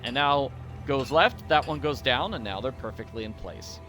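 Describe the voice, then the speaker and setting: A man's voice: mid-range voice, expressive, moderate pace, fairly bright tone, soft background music. A man giving goofy, rambling, self-deprecating commentary as he plays a mystery game. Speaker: let's-play host. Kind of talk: casual gameplay commentary.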